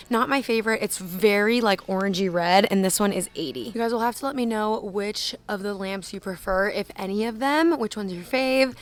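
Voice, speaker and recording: This is a young woman with a voice of ordinary pitch, chatting casually as she films a walkthrough of a store. Her talk is loose and full of "like", and she reads out prices as she goes. It sounds like a phone recording made inside a large store. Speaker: shopping vlogger.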